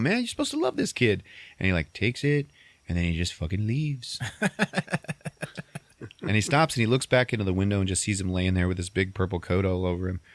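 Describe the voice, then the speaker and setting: A man's voice: sits low, no room sound. A man hosting a podcast, casually retelling a movie's plot, rambling with frequent laughs and loose swearing. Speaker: podcast host. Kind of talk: casual comedic movie recap.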